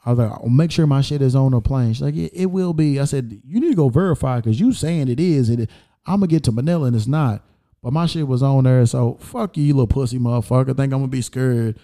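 A man casually telling an airport story, full of profanity and quoted back-and-forth, heated and animated. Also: medium pitch, fast.

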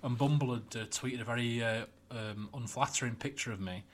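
A young man, co-hosting a podcast, trading wry banter and quick jokes. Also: medium pitch. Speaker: podcast co-host. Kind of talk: casual chat.

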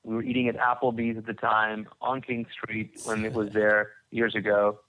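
A man with a fairly low, pushed and bright voice tells his story as a podcast guest, speaking at normal speed with a completely flat delivery. His conversational testimony rambles, full of restarts and repeated words, over a tinny phone-like line.

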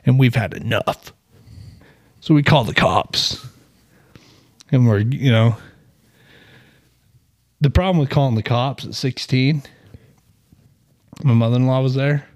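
A man's voice: medium pitch, takes it slowly, long pauses. A man hosting a casual podcast, telling a story with bursts of laughter. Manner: animated, laughs through his stories. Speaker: podcast host.

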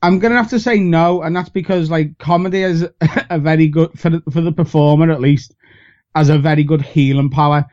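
A man's voice: fairly high pitch, fairly even intonation, a little fast, a little mellow. Scouse man, dull lo-fi sound. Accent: Liverpool. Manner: candid, rambling, self-deprecating. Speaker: comedian guest. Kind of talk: casual podcast chat.

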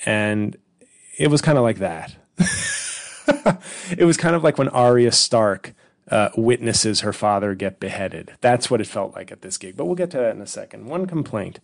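Brief: sardonic comedian host, gravelly mid voice, dry close mic. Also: male voice, lowish voice, expressive, moderate pace, no echo. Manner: rambling, profane, sardonic. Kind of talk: casual solo podcast monologue.

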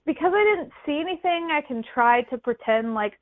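Animated woman on a tinny phone line. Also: high voice, normal speed. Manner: animated, acts out quoted voices. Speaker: caller. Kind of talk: storytelling in casual chat.

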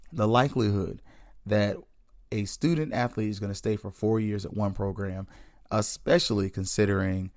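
A man with a lowish voice hosts a casual sports podcast, talking straight to his listeners. He is candid and joking, and he often laughs at his own jokes. The sound is close and dry with no room around it. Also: no room sound. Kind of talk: casual sports commentary chat.

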